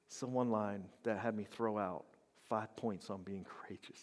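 A man preaching a sermon as pastor, dropping to whispers and rising to shouts. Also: fairly low pitch, steady tone, normal speed. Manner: swings from hushed whispers to loud shouted climaxes. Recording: long hall reverb.

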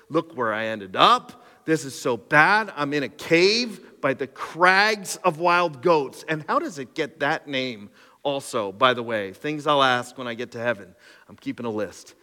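A man's voice: fairly high pitch, sharp tone. A male pastor preaching a sermon, reading scripture and breaking off for joking asides. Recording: long hall reverb.

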